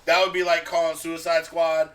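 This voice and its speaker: A man co-hosting a podcast in casual chat, animated and joking, swearing freely. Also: a little high, moderate pace, distant mic. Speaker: podcast co-host.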